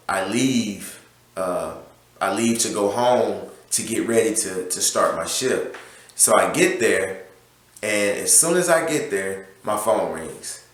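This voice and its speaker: A man's voice: fairly low pitch, fairly bright tone. A man, owner of a small car wash business, casually telling a story about a customer, rambling with many fillers and restarts. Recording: very echoey room.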